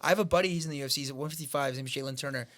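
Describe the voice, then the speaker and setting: A man co-hosting a casual podcast, excitable and swearing constantly as he talks. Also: medium pitch, rapid-fire. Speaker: podcast co-host.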